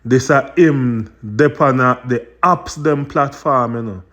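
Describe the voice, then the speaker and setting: A Jamaican man with a middle-pitched, ordinary voice speaks to his viewers in patois. He explains and condemns what the clips show in an indignant, conversational tone. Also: slow pace, fairly bright tone. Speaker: commentary host. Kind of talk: commentary on clips.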